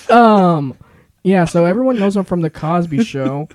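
A man's voice: high-pitched, expressive, measured pace, dry recording. A man co-hosting a podcast, talking in a rambling, filler-heavy way and laughing often. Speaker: podcast co-host. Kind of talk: casual chat.

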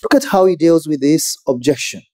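A man preaching a sermon in a measured, emphatic way with pauses. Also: fairly high pitch, expressive, mellow.

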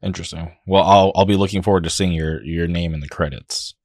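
A man hosting an interview, asking questions in a relaxed, enthusiastic way. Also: low voice, fairly quick, no room sound, studio quality. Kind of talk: casual interview chat.

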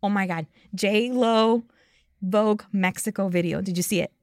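A woman's voice: mid-range voice, moderate pace, a little mellow, no echo, clean studio sound. A woman from Puerto Rico hosting a podcast, chatting animatedly, laughing often and slipping into Spanish. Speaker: podcast host. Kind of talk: casual chat.

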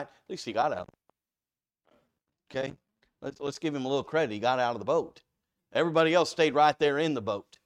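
A man preaching a conversational sermon, animated and full of rhetorical questions to his listeners. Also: mid-range voice, a little fast, long pauses.

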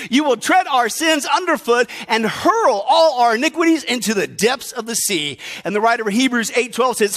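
A male pastor delivers a sermon full of emphatic rhetorical questions, shifting between loud bursts and quiet asides. His voice is extremely high-pitched and animated, and he speaks at a normal speed.

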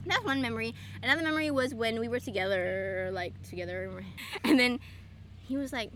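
A young woman chatting casually with a friend, telling stories in an animated, giggly way. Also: fairly high pitch, a little fast, slight background noise. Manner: giggly, animated storytelling, frequent laughter. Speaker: friend answering questions. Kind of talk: casual chat.

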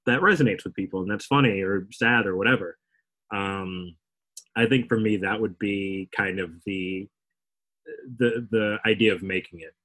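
A man's voice: on the low side, a bit bright, poor audio. A young man, a comedian guest, talking in a rambling, self-interrupting, wry way in a casual interview.

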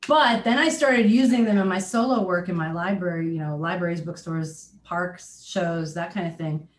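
A woman's voice: fairly low pitch, moderate pace. A woman who is a children's musician, chatting in an interview, laughing often and restarting her sentences. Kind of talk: casual interview chat. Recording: roomy echo.

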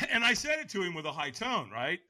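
A middle-aged man tells his story with big swings in pitch, climbing high whenever he acts out what someone said. His voice is bright and forward, and he laughs often between lines. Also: very animated, brisk, no echo. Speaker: podcast guest, firewalk instructor. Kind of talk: animated storytelling.

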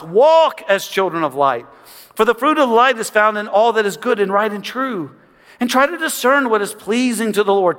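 A man preaching a sermon, lively and dramatic, with pauses and acted-out quotes. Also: sits high, in a large hall. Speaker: pastor.

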